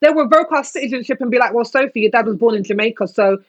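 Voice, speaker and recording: A woman's voice: a little high, fast talker, muffled recording, a crowd in the background. A British woman, co-hosting a casual panel discussion and arguing her points with passion. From Britain. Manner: impassioned, talks herself onto a soapbox. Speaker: podcast co-host.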